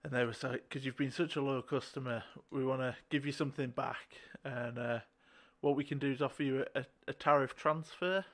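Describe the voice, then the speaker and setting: A man tells a story in casual chat. He speaks in a flat, even tone and keeps a matter-of-fact delivery. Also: medium pitch, brisk.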